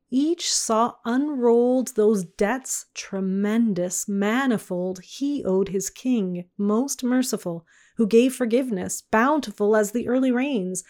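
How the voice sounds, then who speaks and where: Slow woman reading verse. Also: medium pitch, darkish tone. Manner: measured, archaic verse. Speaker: reader. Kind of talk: reading a narrative poem aloud.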